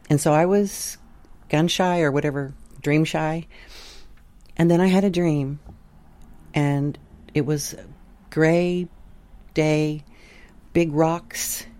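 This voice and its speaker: A middle-aged woman from southern Indiana slowly recounting her dreams in a sunroom at home, pausing and restarting as she goes. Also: low voice, dark tone, dry recording. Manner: unhurried, halting, with pauses and restarts. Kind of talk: reflective personal storytelling.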